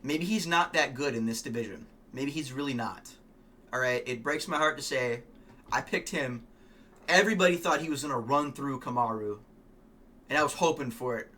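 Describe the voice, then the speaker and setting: A man giving casual, rambling, opinionated fight commentary, swearing often and filling pauses with ums. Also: mid-range voice, bright, forceful tone. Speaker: MMA fan vlogger.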